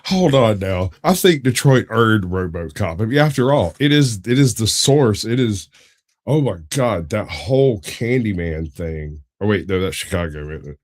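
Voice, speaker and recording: A man's voice: on the low side, animated, normal speed. A man co-hosting a podcast in casual chat, joking and teasing with crude humor. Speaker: podcast co-host.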